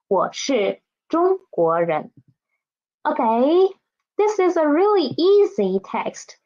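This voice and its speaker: Woman language teacher, fairly high voice, slow and patient, repeats drills, muffled lo-fi sound. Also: big pitch swings, darkish tone. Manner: patient, repeats each word for students.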